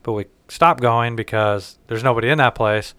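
A man's voice: medium pitch, normal speed, a bit bright, clear, resonant tone, dry recording. A man, co-hosting a casual chat and ranting with plenty of swearing. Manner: profane, ranting. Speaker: co-host.

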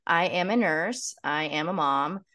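A woman's voice: low-pitched, a little slow, bright, forceful tone. A woman guest on a casual podcast, answering eagerly and talkatively, with frequent fillers.

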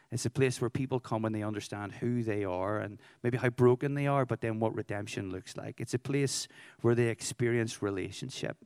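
A man's voice: medium pitch, clean tone, no room sound, clean studio sound. A man with an Irish accent, a worship leader giving an informal, conversational talk with joking asides. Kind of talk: informal preaching and storytelling.

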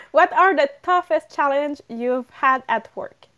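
A woman's voice: sits high, slow pace, pushed and bright. A woman co-hosting a podcast, reading numbered questions and laughing often. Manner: giggly, reads questions from a list. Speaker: podcast co-host asking questions. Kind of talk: casual podcast Q&A.

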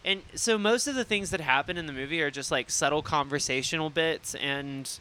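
A man's voice: a little high, a little fast, pushed and bright, slight background noise. A man co-hosting a film podcast, talking in a rambling, casual way and swearing freely. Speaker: podcast co-host. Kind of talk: casual chat.

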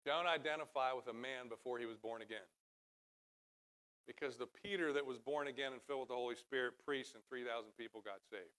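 A middle-aged man preaching a sermon from a church stage, talking conversationally and then building to loud, emphatic passages. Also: mid-range voice, fairly quick. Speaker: pastor.

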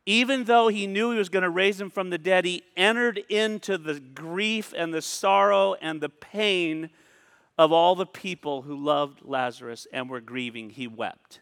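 Guy pastor preaching, kinda high bright voice, talks like he's chatting, lots of echo from a big hall. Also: clear, resonant tone. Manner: conversational preaching, pauses and repeats. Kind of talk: sermon. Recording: long hall reverb.

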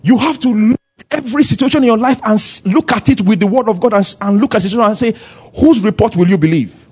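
A man preaching a sermon at a church service, acting out little dialogues and swinging between loud and soft. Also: high-pitched, very fast, husky, dull audio. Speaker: pastor.

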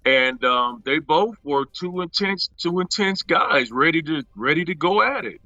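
A man, an actor being interviewed, telling stories from a shoot in a casual, animated way, acting out quotes and laughing often. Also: on the high side, a little slow, no room sound, dull audio.

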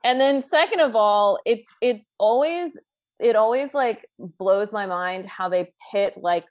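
A woman in a casual podcast discussion, talking in an animated way with many fillers and laughing asides. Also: medium pitch, unhurried.

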